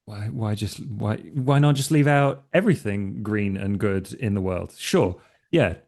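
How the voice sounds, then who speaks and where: A man's voice: fairly low pitch, unhurried, creaky, darkish tone. A man playing a tabletop game, speaking in character in a laid-back, offhand, persuasive way. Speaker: player.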